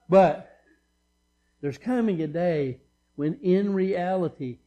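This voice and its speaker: Male pastor, higher-pitched, emphatic sermon delivery with conversational asides. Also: measured pace, pauses often, dark tone. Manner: emphatic, repetitive preaching with asides.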